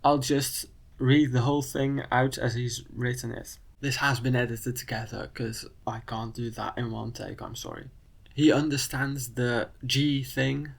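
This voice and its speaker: Gravelly Dutch man, calm critique. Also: medium pitch. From Netherlands. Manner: measured, matter-of-fact critique. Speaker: video creator. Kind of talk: commentary on a spelling video.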